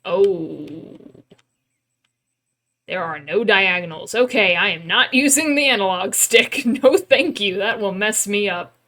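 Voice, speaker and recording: A woman streamer giving casual let's-play commentary from her room at home, playful and self-mocking, quick to laugh. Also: medium pitch, fairly bright tone.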